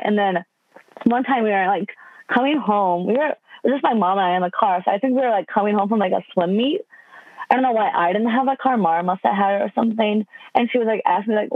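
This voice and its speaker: A woman's voice: fairly high pitch, fast talker. A young woman in her twenties from Wisconsin, a podcast guest telling stories casually, full of "like" fillers. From Wisconsin, USA. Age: 20s. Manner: chatty, lots of "like" fillers. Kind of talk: casual storytelling. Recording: dry phone-line sound.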